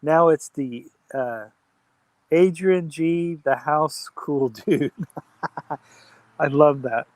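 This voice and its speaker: A man's voice: a little high, takes it slowly, no echo. A man hosting an outdoor campfire live stream, chatting casually and reading viewer comments aloud. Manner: chatty, reads chat aloud, friendly shout-outs.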